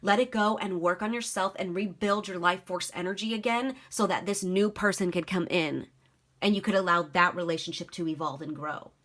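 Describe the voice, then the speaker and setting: A woman's voice: lowish voice, fairly even intonation, moderate pace, fairly bright tone. A young woman giving a casual, emotional tarot reading to camera, chatty and giggly, with many fillers. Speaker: tarot reader.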